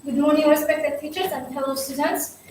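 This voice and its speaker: A woman's voice: high-pitched, steady tone, brisk. A young woman student formally opening her thesis presentation in a rehearsed way. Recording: echoey hall from far off, faint noise.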